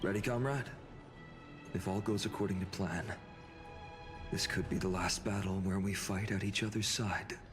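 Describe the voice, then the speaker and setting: A man's voice: low-pitched, fairly even intonation, moderate pace, pauses often, lightly acted. A man playing an earnest young hero. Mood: resolute. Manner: earnest, warm-hearted speechmaking. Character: earnest young male hero, loyal comrade. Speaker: game character. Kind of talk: game voice acting. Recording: game audio with reverb and music.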